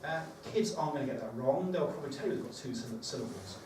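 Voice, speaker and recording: A man with a mid-range, slightly mellow voice talks fast and expressively while running a teacher training workshop. He speaks conversationally, thinking aloud with fillers. The room echoes, he's far from the mic, and there's background noise.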